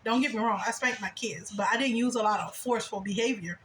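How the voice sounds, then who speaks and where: Woman in her 30s chatting on her vlog, kinda high bright voice, jumps into squeaky quote voices, roomy echo. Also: fast talker, slight background noise. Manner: animated, jumps into high-pitched quoted voices and laughs often. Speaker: spiritual vlogger. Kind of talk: casual storytelling monologue. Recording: echoey room.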